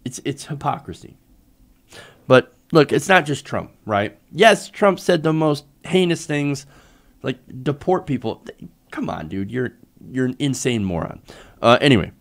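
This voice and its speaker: A man's voice: medium pitch, expressive, measured pace. A man hosting a live political commentary show, ranting in an exasperated, sarcastic way with frequent profanity.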